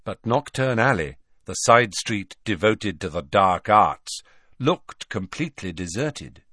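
An audiobook narrator, male, tells the story in a measured, expressive way. His voice is on the low side, and the studio-quality recording has no echo.

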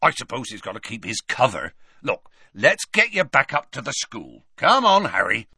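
A man voicing a huge, hairy gamekeeper with rough, folksy speech in a storybook reading. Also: medium pitch, wildly swooping pitch, normal speed, sharp tone, no echo, clean studio sound, voice pushed up, full character voice. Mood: confident. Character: huge hairy male gamekeeper, gruff and kindly.

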